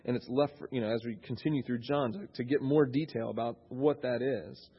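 A man's voice: medium pitch, a little fast, slightly rough, lo-fi sound. A man in his thirties, a pastor giving a conversational sermon, thinking aloud with frequent restarts.

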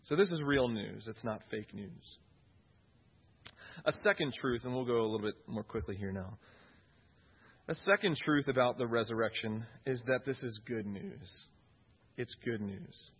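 Earnest husky male preacher, lo-fi. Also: medium pitch, normal speed, long pauses. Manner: earnest, repeats key phrases for emphasis. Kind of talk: sermon.

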